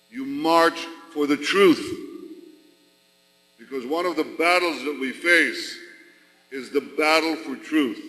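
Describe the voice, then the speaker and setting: A man from Israel addressing a large rally, speaking slowly and deliberately with emphatic, repeated phrases. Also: on the high side, sharp tone. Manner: slow, deliberate, emphatic with rhetorical repetition. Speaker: national leader addressing a rally. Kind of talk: formal public speech. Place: large arena. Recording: long arena reverb.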